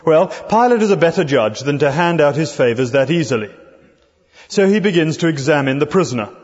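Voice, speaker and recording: A man's voice: fairly high pitch, lively intonation, fairly quick, darkish tone. A man preaching an expository sermon, talking conversationally and putting rhetorical questions to his listeners. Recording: dull recording in a reverberant hall.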